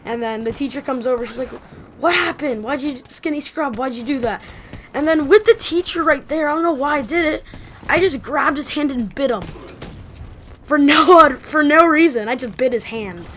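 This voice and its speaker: A woman vlogger telling a casual story, rambling and animated with many fillers. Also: high-pitched, moderate pace, slight background noise.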